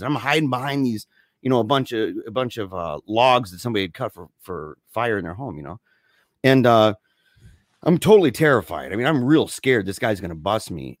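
Animated slangy man telling a story. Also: medium pitch, dry recording, studio quality. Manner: animated, acts out voices in his stories; slangy, says dude and man often. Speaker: podcast co-host telling a story. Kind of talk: casual storytelling.

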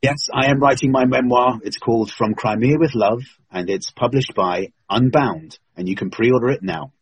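A man who is a guest in a conversational interview, briskly prompting the others' memories. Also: mid-range voice, husky, highs cut off. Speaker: guest and memoir author.

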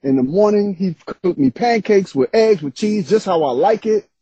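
A man's voice: high voice, normal speed, husky, no echo. A man, an author guest, telling stories in casual interview chat with frequent laughs. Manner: animated storytelling, laughs often. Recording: slightly dull lo-fi sound.

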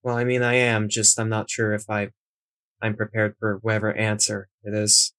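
A man's voice: fairly low pitch, monotone, a bit bright, dry recording. A man playing his character in a tabletop game, speaking hesitantly with many restarts. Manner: hesitant, halting, often restarts. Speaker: player. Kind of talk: tabletop role-play.

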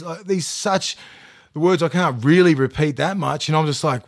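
A man, a former player, vents about a match in loose, heated podcast talk. He swears freely and stumbles through fillers and restarts. His voice sits a touch higher than most men's. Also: normal speed. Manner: heated, profane ranting with lots of fillers. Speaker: former rugby league player, panelist. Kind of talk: casual podcast chat.

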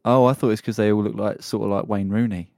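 A man's voice: lowish voice, fairly even intonation, fast talker, vocal fry, a little mellow, no echo, studio quality. A man co-hosting a podcast in casual chat, rambling and laughing often. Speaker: podcast co-host.

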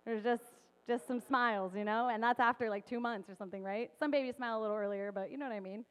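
A woman in her thirties giving a casual, chatty sermon, full of fillers and quick laughs. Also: a little high, steady tone. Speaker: preacher. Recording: long hall reverb.

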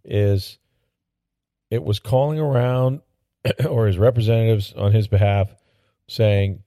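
A man's voice: lowish voice, fairly even intonation, takes it slowly, long pauses, mellow, no echo, clean studio sound. A man hosting a sports podcast, giving casual, opinionated commentary that rambles, with lots of fillers and restarts.

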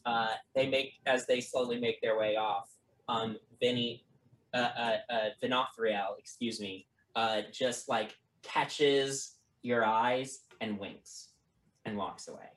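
A game master narrating a tabletop game in a halting way, with many fillers and restarts. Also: medium pitch, steady tone. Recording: roomy, from a distant mic.

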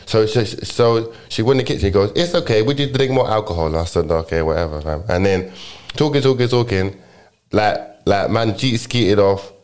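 Here a young man with a London accent, his lowish voice slightly mellow and moving at a moderate pace, spins a story in casual chat. Slang is frequent, sentences keep getting restarted, and it all comes out rambling and unpolished.

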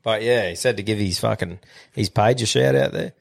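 Laid-back Australian podcast host. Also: male voice, fairly low pitch, fairly quick, creaky. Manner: laid-back, swears casually. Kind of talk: casual podcast banter and joke reading.

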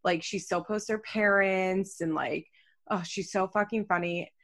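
A woman's voice: mid-range voice, fairly even intonation, unhurried, a bit bright. Woman, podcast co-host, casual chat, slight speech impediment, chatty, lots of "like", swears. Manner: chatty, swears freely, many "like" fillers.

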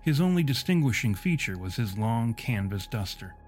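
A man narrating a gritty fantasy story in a steady, measured audiobook delivery. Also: mid-range voice. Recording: faint music underneath.

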